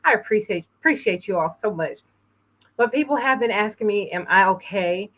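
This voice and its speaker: A woman from New York hosting an inspirational talk show, speaking earnestly and a little emotionally, with frequent pauses. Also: mid-range voice, animated, a bit bright. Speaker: host.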